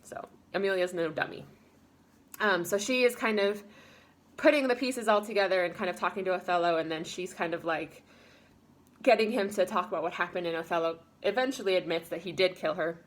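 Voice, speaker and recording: A chatty woman with a lowish voice speaks a little fast as she gives a casual spoken summary of a lesson. She's informal, uses plenty of fillers, and paraphrases characters in quoted lines.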